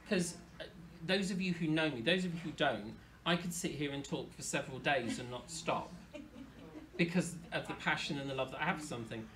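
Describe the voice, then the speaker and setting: A man, a medium talking casually to an audience, chatty and animated. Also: fairly high pitch, a little hiss or hum. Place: hall with an audience.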